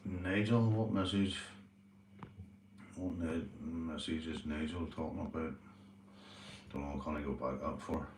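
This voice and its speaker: A man's voice: rumbling low, steady tone, measured pace, long pauses, a little mellow, a little hiss or hum. A Northern Irish man in casual vlog chat, rambling and swearing, often saying "you know". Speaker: vlogger, police auditor. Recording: roomy, from a distance.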